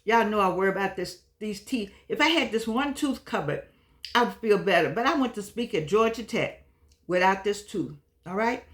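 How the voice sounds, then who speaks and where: A woman's voice: medium pitch, lively intonation, moderate pace. Older woman giving a heartfelt talk. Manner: warm-hearted, repetitive, pet names for viewers. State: frustrated. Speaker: vlog host. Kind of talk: casual motivational talk to viewers.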